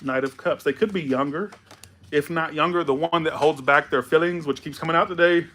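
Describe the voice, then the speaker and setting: A man's voice: fairly high pitch, brisk, fairly bright tone, a little hiss or hum. A tipsy man doing a loose, rambling, playful tarot reading. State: tipsy from alcohol. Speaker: tarot reader.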